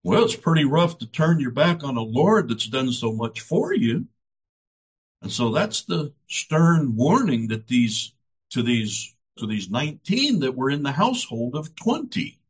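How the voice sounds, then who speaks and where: A man preaching a sermon, building each point through dramatic repetition. His voice is husky, and his pitch rises and falls widely. He speaks at a slow, deliberate pace. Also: very animated. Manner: dramatic, emphatic, repetitive phrasing.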